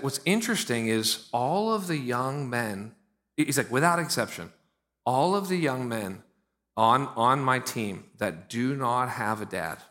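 A man preaching a sermon in an animated, conversational way, with frequent asides to the congregation. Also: medium pitch. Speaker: pastor.

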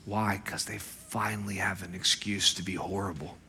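Bright-voiced male pastor in a reverberant hall. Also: low-pitched, normal speed, a little hiss or hum. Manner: animated preaching with acted-out quotes. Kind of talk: sermon.

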